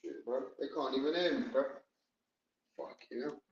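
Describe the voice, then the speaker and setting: A man, hosting a livestream and loudly teasing and daring his chat, swearing freely. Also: medium pitch, normal speed, dull audio, a little hiss or hum. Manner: loud, teasing, swears a lot, goads the chat. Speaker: livestream host.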